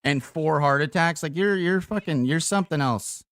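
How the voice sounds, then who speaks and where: A young man talks casually on a live stream while on a phone call, tired and loose, with frequent swearing. His voice is smooth and clear. The mic is close and dry, with no room sound. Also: a little high, normal speed, fairly bright tone, dry recording. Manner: casual and profane, laughing easily.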